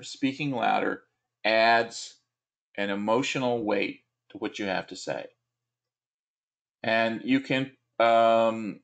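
A man with a gravelly, creaky voice at a middle pitch gives a recorded lecture to his students. He talks conversationally and encouragingly, with plenty of fillers and restarted phrases. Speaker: instructor.

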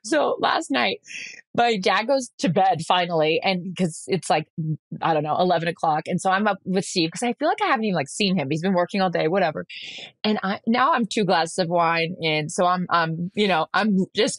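A woman in her thirties hosting a casual podcast, spinning long stories and slipping into the voices of the people in them. Her pitch sits in the middle for a woman. The sound is close and dry, with no room echo. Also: animated, fairly quick. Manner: chatty storytelling, acting out quoted voices. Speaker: podcast co-host. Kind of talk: casual chat.

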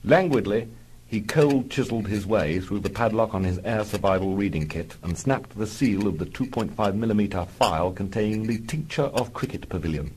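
A man narrating a mock-heroic comic adventure in a dry, deadpan storytelling style. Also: fairly low pitch, fairly quick, hardly any pauses, a little hiss or hum, rough recording.

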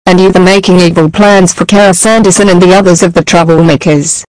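A woman's voice: on the low side, fairly even intonation, a little fast, dry recording, low-quality recording. A text-to-speech woman voice delivering an angry scolding as a mother in a fan animation. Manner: shouting scolding, broken grammar.

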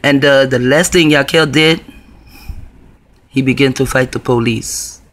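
A man's voice: mid-range voice, fairly even intonation, a little slow, a bit bright. A man telling a personal story to camera in a rambling, profane, conspiratorial way. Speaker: video blogger.

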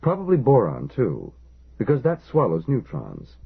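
A man voicing a crisp, precise male ministry official explaining technical plans. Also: mid-range voice, wildly swooping pitch, normal speed, voice pushed up, exaggerated voice. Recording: lo-fi phone-like audio.

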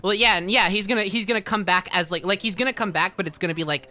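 A woman's voice: mid-range voice, fast talker, sharp tone. A woman casually narrating a role-play, giggly and easygoing. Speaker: co-player.

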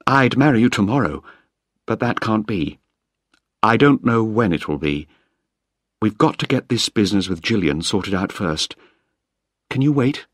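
A man reading aloud gives voice to a young woman scientist in a storybook, her voice lifted well above the reader's own low register and swinging widely. The recording is close and dry, with no room sound. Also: expressive, measured pace, long pauses, no echo. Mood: tender. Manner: raised, lighter pitch for her lines. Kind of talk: graded reader audiobook.

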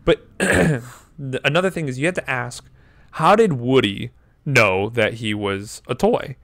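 A man in his twenties telling a story in casual chat, animated, swearing often and acting out quotes. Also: medium pitch, unhurried, no room sound. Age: 20s. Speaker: podcast co-host.

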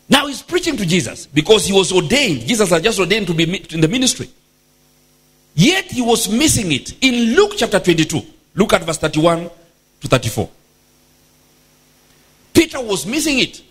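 A male bishop preaches with an emphatic, exclamatory delivery, dropping in bursts of praise between points. His voice is high for a man and swings widely in pitch. There is a husky grain to it. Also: big pitch swings, normal speed, pauses often, a bit bright. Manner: emphatic, exclamatory, frequent hallelujahs. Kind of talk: sermon.

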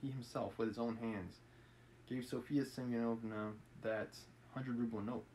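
A man's voice: medium pitch, steady tone, normal speed, darkish tone, a little hiss or hum, lightly acted, low-quality recording. A man reading aloud as a stern, haughty young male witness. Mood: angry. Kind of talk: reading a novel aloud on a live stream.

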